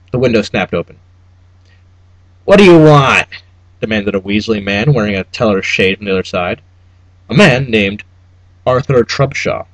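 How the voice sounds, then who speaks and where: A man narrating an audiobook with a wry, expressive delivery and a voice that rises and falls freely. The tone is slightly husky and recorded in a dry, close setting. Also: dry recording, poor audio. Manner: expressive, wry reading with lively pitch. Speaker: audiobook reader.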